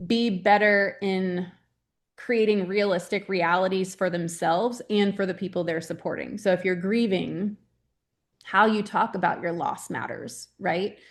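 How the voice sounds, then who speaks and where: Earnest chatty woman guest. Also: medium pitch. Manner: earnest, chatty, many "right?" tags. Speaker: grief specialist guest. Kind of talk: casual interview talk.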